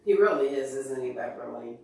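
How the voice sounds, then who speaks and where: A man's voice: medium pitch, expressive, a little fast, vocal fry, warm tone. A man hosting a casual livestream, upset and teary, earnestly answering viewers by name. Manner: emotional, earnest, openly tearful. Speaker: livestream host answering chat. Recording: very echoey room, far from mic.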